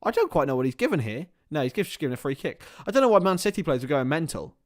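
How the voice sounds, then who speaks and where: A man in a slightly high register calls a football match live for his stream. He lurches from excitable play-by-play into loose, chatty asides and swears offhandedly. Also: rapid-fire. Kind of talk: casual live match commentary.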